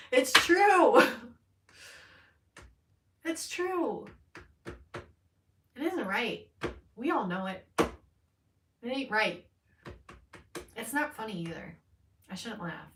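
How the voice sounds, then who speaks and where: Over a noisy background, a woman with a fairly low voice reads tarot cards on a live stream. She talks candidly and rambles, swears liberally and laughs often, captured by a faraway mic with a roomy feel.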